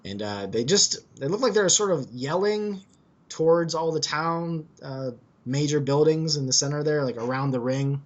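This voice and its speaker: A man's voice: fairly high pitch, normal speed, muffled recording. A man narrating as game master in a tabletop game, loose and chatty with fillers.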